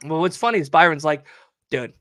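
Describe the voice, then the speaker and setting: A young man co-hosting a livestream, telling a story in animated casual chat and swearing often. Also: high-pitched, normal speed. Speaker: livestream co-host.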